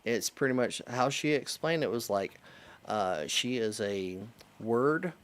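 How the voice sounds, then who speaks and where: A man's voice: medium pitch, lively intonation, unhurried, a bit bright. A young adult man, a streamer chatting casually with friends and rambling through a story with lots of "like" fillers. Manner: rambling, heavy use of "like". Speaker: streamer host. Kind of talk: casual chat.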